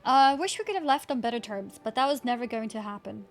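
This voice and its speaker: A woman's voice: on the high side, lively intonation, fast. A woman livestreamer chatting casually, thanking viewers and giggling while playing a game. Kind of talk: casual gaming stream chat. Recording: game music underneath. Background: game music.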